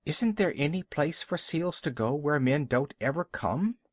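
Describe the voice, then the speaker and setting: A man voicing an eager, defiant young male white seal in a storybook reading, calling out high and excited. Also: unhurried, no room sound. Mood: pleading.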